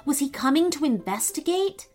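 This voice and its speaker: A woman narrating a children's story in an expressive, dramatic way. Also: high voice, normal speed. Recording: faint background music.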